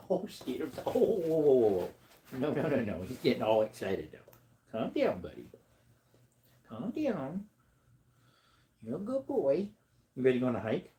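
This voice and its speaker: A man talking loosely on a livestream, rambling between thoughts in a mid-range voice. His pitch swings widely, climbing high whenever he slips into baby talk with his dog. Relaxed, unscripted chat to a small audience. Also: unhurried, pauses often.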